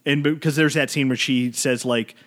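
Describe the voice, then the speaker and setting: A man's voice: medium pitch, steady tone, moderate pace, fairly bright tone. A man co-hosting a film podcast in a casual, joking chat, rambling with lots of fillers and restarts. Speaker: podcast co-host.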